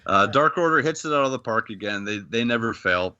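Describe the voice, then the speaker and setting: A man from Canada hosting a podcast, retelling a wrestling clip in a lively storytelling way with acted-out quotes. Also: medium pitch, brisk, no room sound, lo-fi sound. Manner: animated storytelling, acting out quotes. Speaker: podcast host. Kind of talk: casual podcast recap.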